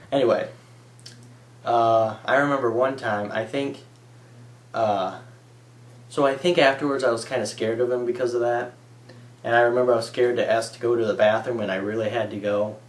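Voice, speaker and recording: Rambling young man telling school stories. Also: fairly low pitch. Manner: rambling, filler-heavy, says "like" a lot. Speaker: vlogger. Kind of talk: casual storytelling to camera. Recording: echoey room.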